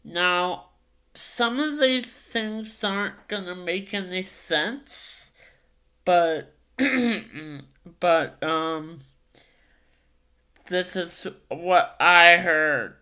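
Brief: male vlogger, crisp bright tone, halting, full of ums, very slow. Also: high voice. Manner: hesitant, many ums and repeated phrases. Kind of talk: casual vlog storytelling.

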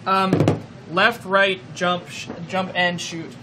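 A man streaming a video game in casual chat, excitable and swearing, yelping at what happens on screen. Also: high-pitched, slow pace, background noise. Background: game music.

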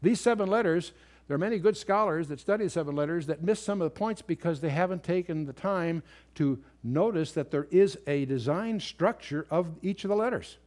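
A man's voice: on the high side, a little fast, darkish tone. A man teaching a lecture-style Bible study, explaining point by point and stressing key words. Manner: explanatory, emphatic on key words, some restarts.

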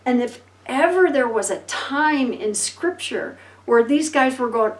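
A woman pastor preaches with animated storytelling, acting out the voices of Bible figures. Her voice sits fairly high. She is heard from some distance in a roomy, echoing space. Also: measured pace. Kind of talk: sermon.

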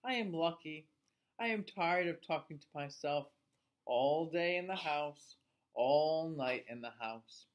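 A man's voice: fairly high pitch, slow. A man doing a lonely little old lady. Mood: gentle.

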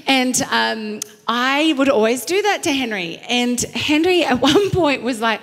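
A middle-aged woman pastor preaching a sermon, telling stories with lively acted quotes and emphatic repetition. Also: sits high, unhurried, hardly any pauses. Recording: long hall reverb.

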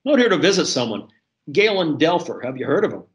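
A man's voice: on the high side, very animated, fast, voice pushed up. A man voicing a polite, easygoing Canadian horseman with a Canadian accent.

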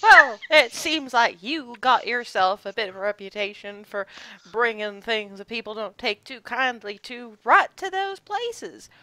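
A woman puts on a blunt young ranch hand for a tabletop game, her voice pitched up and pushed louder than her usual. She talks in a folksy drawl, dry and plain-spoken. The tone is bright and close to the mic. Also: animated, measured pace, dry recording. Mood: wry.

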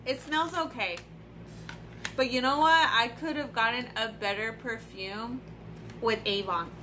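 Young woman beauty vlogger, a little high, profane and blunt, faint background hiss. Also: a little slow. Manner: profane, blunt, animated ranting. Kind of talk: casual unboxing vlog.

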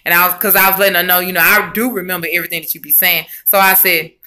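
A woman vlogging casually about her weight loss, chatty and expressive, talking straight to her viewers. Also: lowish voice, rapid-fire. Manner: chatty, addresses viewers as y'all and honey; emotional and expressive, rambling with restarts. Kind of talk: casual chat to camera.

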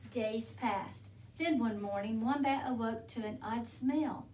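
A woman reading a picture book aloud in a gentle, unhurried storytelling manner. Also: on the high side, a little hiss or hum. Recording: roomy, from a distance.

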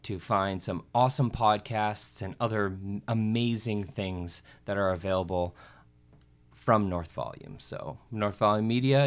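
A man hosting a podcast, chatting in a friendly, rambling way and often correcting himself. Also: fairly low pitch. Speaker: podcast host. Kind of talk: casual interview chat.

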